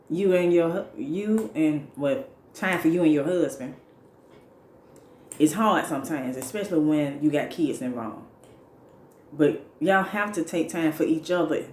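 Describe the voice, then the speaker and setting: A woman's voice: on the low side, darkish tone. A woman talking casually about self-care during a mukbang, repeating her points and laughing between lines. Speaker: mukbang vlogger. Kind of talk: casual advice talk while eating. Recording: echoey room with faint noise.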